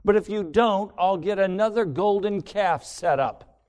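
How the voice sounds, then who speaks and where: A man's voice: high voice, measured pace, a little mellow. A man preaching a sermon gives voice to self-love as a stubborn, demanding figure that scoffs and bargains. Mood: scornful. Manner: scornful, bargaining.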